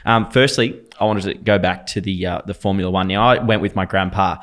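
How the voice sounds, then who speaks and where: Deep-voiced man, casual podcast chat. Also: fairly even intonation, fairly quick, a bit bright. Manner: laid-back, rambling storyteller with lots of ums. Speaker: podcast co-host.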